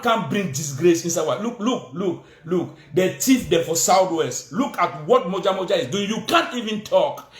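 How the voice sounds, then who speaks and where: A man's voice: high-pitched, reverberant. A man with a Cameroonian Pidgin English accent, delivering a heated, repetitive political rant, scolding and insistent.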